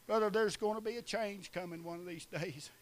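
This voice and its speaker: A preacher from Eastern Oklahoma who swings between shouted, chanting preaching and quieter asides with short laughs. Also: male voice, high-pitched, brisk. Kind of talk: sermon.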